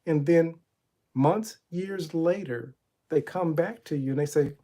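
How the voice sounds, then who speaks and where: A man's voice: a little high, unhurried, warm tone. A middle-aged man, a motivational coach and channel host, giving a spiritual talk in a preacherly storytelling way, retelling Bible stories and asking rhetorical questions.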